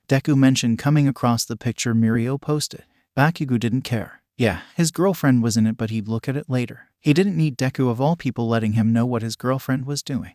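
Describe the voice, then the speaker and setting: A man's voice: medium pitch, a little fast, few pauses, darkish tone, no echo, clean studio sound. Man reading fan fiction aloud. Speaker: narrator. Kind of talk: scripted fan fiction narration.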